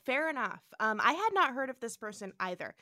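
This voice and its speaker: A woman co-hosting a casual podcast, animated and laughing as she tells trivia. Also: on the high side, fairly quick, dry recording, studio quality. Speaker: podcast co-host.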